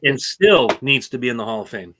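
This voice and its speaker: A man co-hosting a casual racing podcast, opinionated and animated as he rants about rule changes. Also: medium pitch, brisk, noisy background. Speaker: co-host. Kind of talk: casual sports talk.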